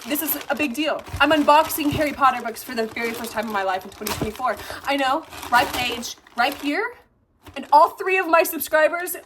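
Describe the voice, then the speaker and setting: A woman in her twenties chatting excitedly in a vlog, gushing and swearing as she unboxes books. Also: on the high side, a little hiss or hum. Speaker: vlogger. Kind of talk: casual chat and book unboxing.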